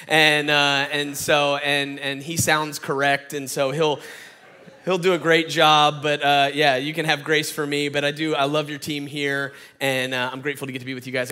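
Southern guy from atlanta preaching, kinda high voice, chatty and loose, lots of uh's. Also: bright, forceful tone. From Atlanta, Georgia. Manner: conversational, folksy, many fillers and restarts. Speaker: guest pastor. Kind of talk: sermon.

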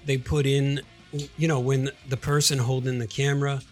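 A young man on a casual podcast, describing scenes in a relaxed way. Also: mid-range voice, normal speed, faint music behind. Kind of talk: casual chat.

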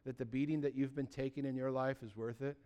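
A man preaching a sermon, telling stories with lively acted-out voices, swinging from loud and urgent to quiet and earnest. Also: mid-range voice, quick pace. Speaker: pastor.

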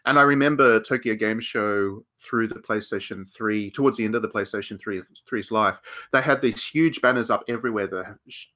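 A man's voice: on the low side, normal speed, hardly any pauses, bright, forceful tone. A man co-hosting a casual podcast panel discussion, talking in a thoughtful, rambling way with frequent restarts.

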